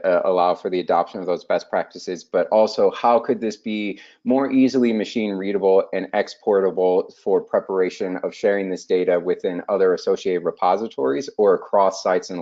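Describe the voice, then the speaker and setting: A man's voice: fairly low pitch, warm tone. A man giving a technical webinar presentation, hesitant, with many fillers and restarts. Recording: dull lo-fi online call audio.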